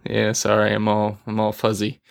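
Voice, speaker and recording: A man co-hosting a game podcast, bantering in a wry, deadpan way during casual chat. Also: fairly low pitch, normal speed, gravelly. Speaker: podcast co-host.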